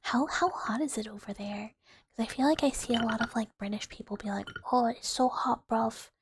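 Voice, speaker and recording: A woman's voice: a little high, brisk. Whispering young woman, chatty ASMR. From United States. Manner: soft unvoiced whisper, chatty and rambling with many fillers. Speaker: ASMR streamer chatting with viewers. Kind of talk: whispered role-play. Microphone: close sensitive ASMR microphone. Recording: loud hiss under the whisper.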